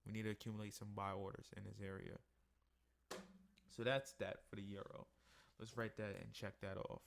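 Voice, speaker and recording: A sleepy man with a gravelly, somewhat low voice walks through his trading charts in a loose, conversational way. He sounds worn out after a long day. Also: moderate pace, background noise. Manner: tired, yawning, relaxed and conversational. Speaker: forex trading analyst. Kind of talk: casual screen-share market review.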